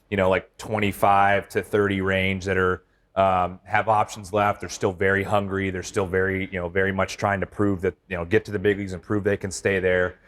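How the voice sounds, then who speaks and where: A middle-aged man with a deep, low-pitched voice answers interview questions about his team. He talks in a relaxed, rambling way, circling back and restarting his sentences as he goes. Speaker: baseball team manager. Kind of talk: casual interview chat.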